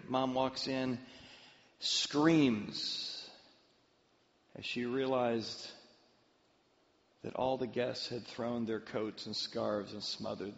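A man's voice: mid-range voice, very slow, gravelly, long pauses, long reverb tail, muffled recording. A man preaching a sermon, telling stories and sometimes acting out the voices of the people in them. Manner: storytelling with lively acted-out voices. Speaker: pastor.

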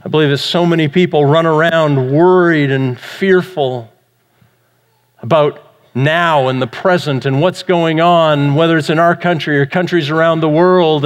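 A man's voice: a little high, smooth. A man preaching a sermon as a pastor, earnest and full of rhetorical questions. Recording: long church reverb.

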